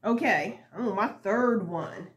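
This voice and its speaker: A woman's voice: mid-range voice, unhurried. A woman hosting a crochet video, chatting casually and laughing often as she works at home. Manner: giggly, chatty, animated storytelling. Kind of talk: casual chat while crocheting. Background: soft lo-fi hip-hop music.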